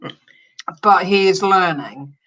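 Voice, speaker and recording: Bright-voiced interview host. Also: mid-range voice, slow pace, lo-fi sound. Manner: friendly, encouraging, laughs easily. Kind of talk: interview host reading listener questions.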